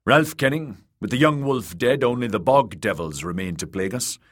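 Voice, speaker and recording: A man's voice: mid-range voice, lively intonation, moderate pace, voice pushed up, natural voice. A man reading an audiobook, voicing a confident young woman warrior who teases her uncle. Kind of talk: audiobook character voice.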